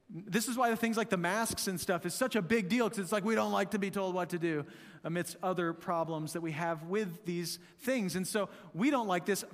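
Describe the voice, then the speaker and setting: A man's voice: high-pitched, in a large hall. A man preaching a sermon as pastor, in a conversational manner, often asking the room rhetorical questions.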